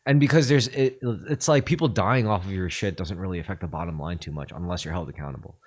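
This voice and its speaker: A man with a very low voice, hosting a podcast in loose, rambling conversation. He swears freely and fills his sentences with "like" and "you know". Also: fast talker, a little mellow, breathy edge. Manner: casual and profane, rambling with lots of fillers. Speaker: podcast host. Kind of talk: casual podcast chat.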